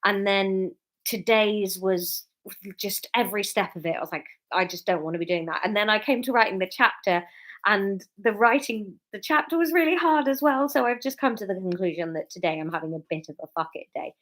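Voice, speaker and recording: A woman's voice: medium pitch, lively intonation, a little fast, a bit bright. A woman, a bit tipsy, chatting casually and giggling on a home livestream before reading her serial story aloud.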